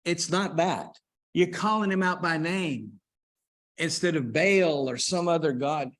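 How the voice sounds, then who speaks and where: Slow-talking man teaching a church congregation. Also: a little high, a bit bright. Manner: unhurried, conversational, with restarts and asides to the congregation. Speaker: preacher. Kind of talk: church class talk on hymns. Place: church auditorium.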